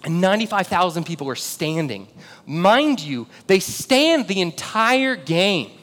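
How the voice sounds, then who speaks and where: A male pastor giving a sermon, telling a story with big swings from loud shouts to low, quiet emphasis. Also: unhurried. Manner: animated storytelling, builds to shouts then drops low and intimate. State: out of breath. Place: church auditorium. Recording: long hall reverb, faint rumble.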